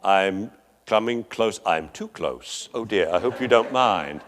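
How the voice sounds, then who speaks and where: A man's voice: fairly low pitch, lively intonation, measured pace, fairly bright tone, slight background noise, pitched below the performer's own voice. A man voicing a timid, polite young puppy that creeps close and speaks hesitantly and apologetically. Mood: apologetic.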